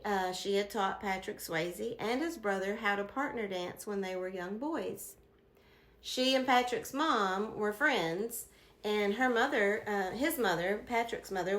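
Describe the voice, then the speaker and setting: A woman in her fifties shares a personal story as a life lesson. Her voice sits at an ordinary middle pitch, and her delivery is reflective with firm emphasis. The recording has a noticeable room echo. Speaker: speaker sharing life lessons. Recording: roomy echo.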